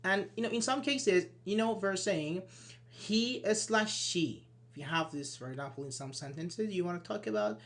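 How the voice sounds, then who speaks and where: This is a lively male English teacher giving a grammar lesson over the internet. He explains gradually, says "for example" a lot, and acts out short dialogues, altering his pitch as he speaks the example sentences.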